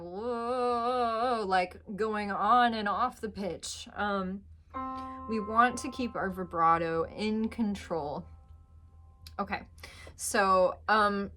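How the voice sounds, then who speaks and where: A woman teaching a singing lesson, patiently explaining pitch and demonstrating notes with her voice. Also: fairly bright tone. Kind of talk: vocal lesson.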